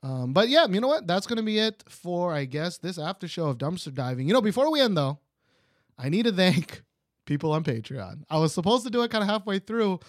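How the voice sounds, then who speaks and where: Young Texan male podcast host, rambling and self-deprecating, slightly high, very animated. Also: a little fast, no echo, studio quality. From Texas. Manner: rambling, many restarts and fillers, laughs at himself. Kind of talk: casual chat.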